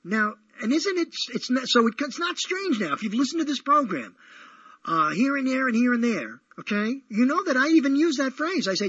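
A man's voice: very high voice, normal speed, slightly rough, dry recording, muffled recording. A man from Brooklyn hosting an internet talk show, rambling and correcting himself as he goes. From Brooklyn, New York. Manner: rambling, self-correcting, excitable. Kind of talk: rambling solo radio talk.

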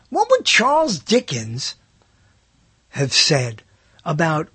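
An older man hosts his own show in a loose, rambling monologue that keeps doubling back on itself with wry asides. His voice sits a little high and has a husky edge, and the recording is dry and close with no room sound. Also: expressive, normal speed, no room sound. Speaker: host. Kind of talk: casual solo talk show monologue.

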